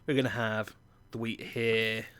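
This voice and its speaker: A man's voice: fairly low pitch, level tone, a little slow, fairly bright tone, clean tone. A man from England with an English accent, giving chatty, playful gameplay commentary with self-mocking asides. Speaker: gaming channel host.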